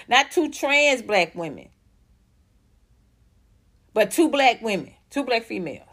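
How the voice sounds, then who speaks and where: A young woman ranting profanely as a commentary host, blunt and heated, jumping between fast outbursts and slow stressed words. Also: a little high, a bit bright.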